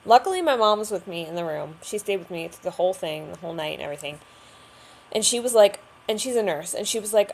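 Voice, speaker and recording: A woman's voice: mid-range voice, lively intonation, quick pace, a little hiss or hum. Chatty young woman telling her story. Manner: chatty and candid, many fillers. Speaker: vlogger. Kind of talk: personal storytelling to camera.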